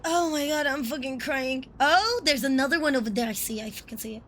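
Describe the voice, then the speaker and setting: A woman streamer giving live game commentary, excitable and profane, blurting out reactions. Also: sits high, fairly quick, a little hiss or hum.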